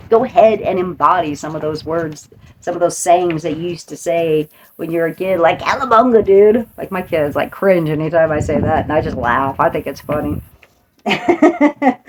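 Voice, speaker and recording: A woman's voice: sits low, normal speed, a little hiss or hum. A middle-aged woman hosting a motivational talk, playful, laughing often and slipping into quoted voices. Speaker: podcast host. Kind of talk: motivational monologue.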